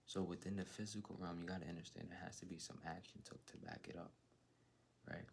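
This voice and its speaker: Deep gravelly man doing a tarot reading. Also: steady tone, fast talker, a little hiss or hum. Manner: laid-back slangy talk, drifting into soft whispered asides. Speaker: tarot reader. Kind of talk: live tarot reading to chat.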